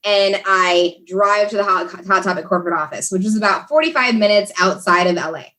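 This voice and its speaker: A woman's voice: mid-range voice, fairly quick, a bit bright. A young American woman, a podcast guest, telling a story in casual chat, laughing often and talking with many fillers and restarts. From USA.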